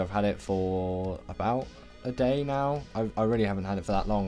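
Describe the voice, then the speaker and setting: A man's voice: on the low side, darkish tone. Chatty man ranking game creatures. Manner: chatty, rambling, corrects himself often. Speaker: gaming video creator. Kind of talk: casual game commentary.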